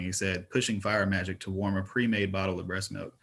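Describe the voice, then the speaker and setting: A man narrating a fantasy novel in an audiobook reading, with steady, even storytelling. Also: low-pitched, fairly quick, gravelly, few pauses.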